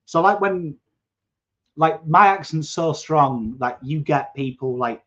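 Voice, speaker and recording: English guy with a coarse voice, chatty and excitable live footy watchalong, bit high, muffled stream sound. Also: slow. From England. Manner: chatty, excitable, swears, bursts into shouts at play. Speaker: watchalong host. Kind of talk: live football watchalong chat, reading viewer comments. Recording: dull lo-fi stream audio.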